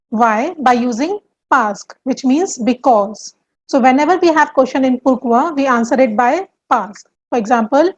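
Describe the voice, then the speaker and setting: Slow, high-voiced woman teaching French. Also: lo-fi sound. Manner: slow, deliberate, repeats example sentences. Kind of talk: explaining grammar to learners.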